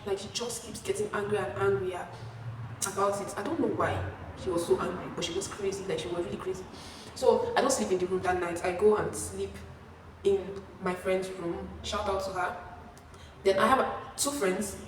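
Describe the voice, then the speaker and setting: A young woman telling a storytime vlog, animated and acting out the people she quotes. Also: moderate pace. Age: young adult. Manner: animated, acting out quotes with sudden pitch jumps. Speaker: vlogger. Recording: echoey room, far from mic, faint hiss.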